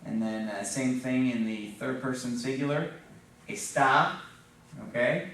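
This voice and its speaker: A man's voice: medium pitch, steady tone, a little slow, a bit bright, slight background noise. A man teaching a Spanish class in a classroom, patiently explaining grammar and checking in with "okay?" and "right?" as he goes. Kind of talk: classroom lesson at a whiteboard. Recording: very echoey room, voice from far off.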